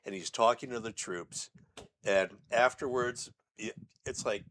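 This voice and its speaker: A man's voice: mid-range voice, unhurried, a bit bright, a little hiss or hum. A man co-hosting a casual movie podcast, describing a favorite scene with fired-up enthusiasm. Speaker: podcast co-host.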